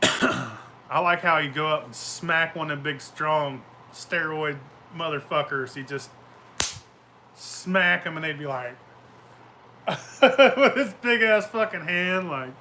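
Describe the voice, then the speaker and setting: A brash, foul-mouthed man spins loose stories, breaking into laughter as he goes. His voice sits a little high and rings bright and forceful. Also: a little slow, a little hiss or hum. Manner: profane, boisterous, laughs often. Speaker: show host. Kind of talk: casual rambling storytelling.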